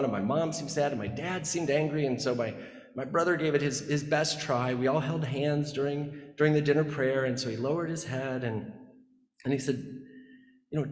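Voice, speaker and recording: A man's voice: mid-range voice, moderate pace. A man from the Midwest telling a story in a sermon, in a conversational way that often restarts his sentences. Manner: conversational, chatty, with frequent restarts. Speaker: guest preacher. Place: church sanctuary. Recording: echoey church hall.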